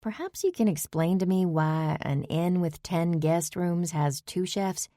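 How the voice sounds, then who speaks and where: A woman's voice: on the low side, animated, measured pace, warm tone, no room sound, clean studio sound. A woman voicing a flustered young heroine who hesitates and stammers, in an audiobook. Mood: puzzled. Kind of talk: audiobook character voice.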